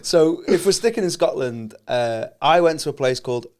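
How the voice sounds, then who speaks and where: Man, Chester English accent, comedian, casual banter, lively pitch, slightly high voice. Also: moderate pace. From England. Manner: laughs often, jokey storytelling. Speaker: comedian podcast co-host.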